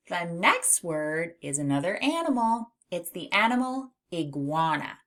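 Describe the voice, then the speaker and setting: A woman teaching a phonics lesson to young children, speaking clearly and encouragingly and drawing out each sound. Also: fairly low pitch, big pitch swings. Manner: warm, encouraging, drawn-out sounds. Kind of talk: slow, clear early-reading lesson for children.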